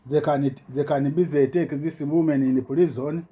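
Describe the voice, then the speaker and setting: A man giving a rambling personal account in halting broken English, full of restarts and repetitions, his voice jumping up when he gets agitated. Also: on the high side, steady tone, dark tone. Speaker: self-recorded complainant.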